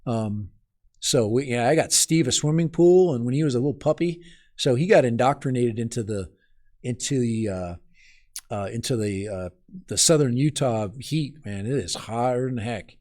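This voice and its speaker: A man's voice: mid-range voice, lively intonation, moderate pace, darkish tone. A man from Minnesota hosting a live stream outdoors in the cold, chatting casually and rambling as he talks straight to his viewers.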